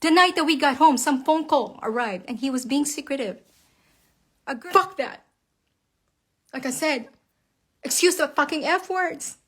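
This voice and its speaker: A wife speaking out online rants furiously to camera about her husband, calling her viewers "guys." Her high-pitched, fairly bright voice moves at a measured pace with long pauses, and her delivery is heated, emphatic and full of profanity.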